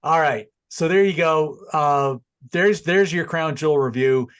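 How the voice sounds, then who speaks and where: A man's voice: fairly high pitch, unhurried, a bit bright. A man hosting a casual music and wrestling review show, talking in a rambling, laid-back way with frequent restarts. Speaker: show host.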